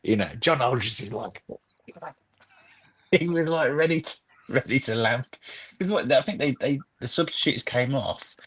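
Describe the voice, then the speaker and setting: A man's voice: mid-range voice, animated, unhurried, a bit bright, husky. A man in his thirties, a podcast guest chatting casually and telling long, rambling, nostalgic football stories. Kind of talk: casual chat.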